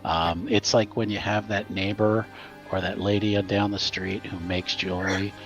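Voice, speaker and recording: A man narrating as game master of a tabletop game, in a relaxed, halting way. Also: low voice, highs cut off, faint music behind.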